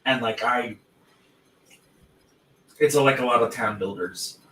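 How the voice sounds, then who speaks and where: A man's voice: medium pitch, slow, bright, forceful tone. A man hosting a casual chat, blunt and prone to swearing as he circles through his points. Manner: blunt, swears freely, self-interrupting. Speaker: podcast host. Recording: roomy, distant mic with faint ambience.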